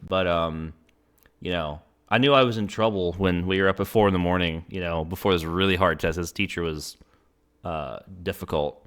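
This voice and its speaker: Deep-voiced rambling male interviewer. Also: normal speed. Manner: rambling, many fillers and restarts. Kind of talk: casual conversation.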